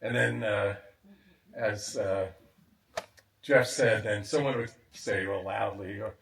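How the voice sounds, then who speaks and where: A man giving a warm, reflective memorial speech, chuckling now and then. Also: on the low side, steady tone, slow pace, creaky, a little hiss or hum. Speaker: memorial speaker. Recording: echoey sound from a distant mic.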